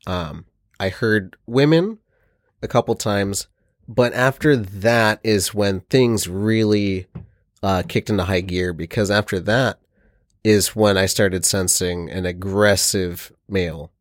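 A man's voice: lowish voice, slow, no echo, studio quality. A man in casual chat, telling an earnest, rambling account.

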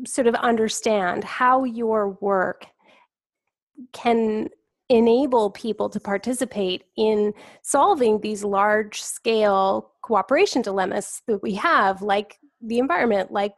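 A woman's voice: mid-range voice, unhurried, no echo, clean studio sound. A woman hosting a podcast, asking a long question while hesitantly searching for words. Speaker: podcast host. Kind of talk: interview question.

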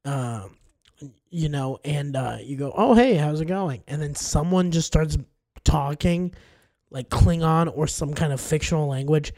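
Guy with a high voice riffing casually on a podcast, playful. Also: measured pace, a little mellow. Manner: joking, rambling, playful. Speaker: podcast co-host. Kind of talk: casual comedic chat.

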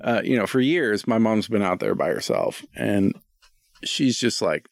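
A man's voice: on the low side, very animated, moderate pace, creaky, no echo, studio quality. A man in his thirties co-hosting a podcast, chatting casually with jokes and frequent swearing. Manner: joking, profane, playful. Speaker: podcast co-host. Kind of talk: casual comedic chat.

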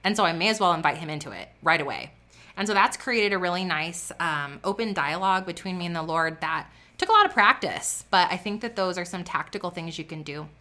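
A woman in her thirties talks straight to her listeners as a faith business coach. She is fervent and preachy, circles back on her points and fills her talk with "like". Her voice is bright and forceful. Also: on the low side, big pitch swings, brisk. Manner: fervent, preachy, with a lot of repetition and "like". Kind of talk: motivational talk to camera.

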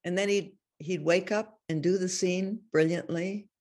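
A woman's voice: fairly low pitch, fairly even intonation, unhurried, darkish tone. An older woman, a guest in an interview, telling chatty anecdotes and laughing often as she goes. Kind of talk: casual anecdotal storytelling.

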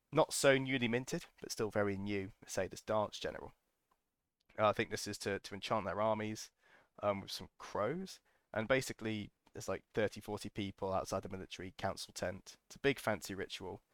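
A man's voice: on the low side, dry recording, studio quality. A man hosting a podcast, telling a casual, enthusiastic story full of ums and restarts. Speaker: podcast host.

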